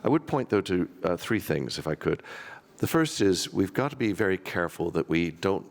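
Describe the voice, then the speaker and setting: Deep gravelly man on a panel. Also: animated, normal speed. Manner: rambling, wry, with self-deprecating jokes. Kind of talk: conference panel discussion.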